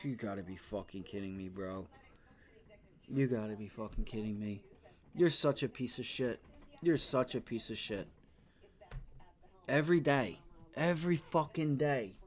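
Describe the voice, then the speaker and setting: Brief: young male day trader streaming live, frustrated and foul-mouthed, average pitch. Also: measured pace, pauses often. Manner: frustrated, swears, repeats exclamations. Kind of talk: live trading commentary.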